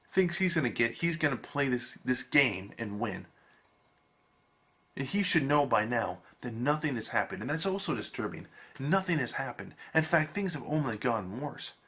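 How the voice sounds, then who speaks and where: Emphatic husky male reviewer. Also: medium pitch. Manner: animated, emphatic, swears freely. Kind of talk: casual video review.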